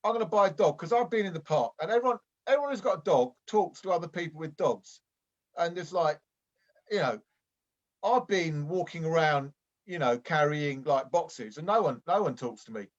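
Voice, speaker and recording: A man plays a lonely, well-meaning amateur boxer who rambles and stumbles through every thought. His voice sits high and earnest. The audio is dull and lo-fi, from a video call. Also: animated, normal speed, lightly acted. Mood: rambling. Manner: hesitant and rambling, full of restarts. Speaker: improv performer. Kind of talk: improvised comedy sketch.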